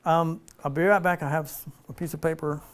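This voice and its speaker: A man leading an informal spiritual teaching for a small group, relaxed and playful, slowing down for emphasis. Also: on the high side. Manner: relaxed, playful, laughs often, slows for emphasis.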